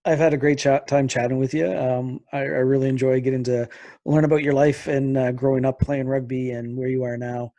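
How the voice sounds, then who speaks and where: Canadian guy hosting a pod, talks quick, flat and kinda dark voice. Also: mid-range voice. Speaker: podcast host. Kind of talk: interview questions.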